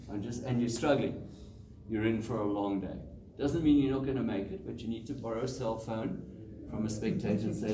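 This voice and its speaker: A man giving a lively, joking talk to a running club audience as a guest speaker. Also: fairly low pitch, moderate pace. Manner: animated, joking storyteller. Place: club meeting room. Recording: roomy hall, mic far off, room noise.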